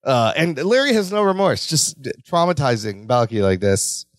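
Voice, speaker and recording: A man's voice: mid-range voice, normal speed, dry recording. A man co-hosting a podcast, recapping a sitcom episode in casual chat and acting out the characters' lines. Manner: animated, acts out characters' lines. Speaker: podcast co-host.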